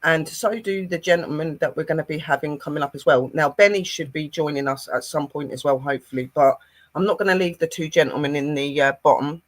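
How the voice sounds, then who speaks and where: A host opening an online talk show, slowly introducing a co-host and guests. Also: female voice, deep voice.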